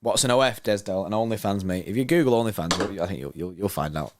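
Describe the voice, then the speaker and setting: A young man with a low voice hosts a football watchalong stream, reading out live chat messages fast and joking casually. There is background noise in the recording.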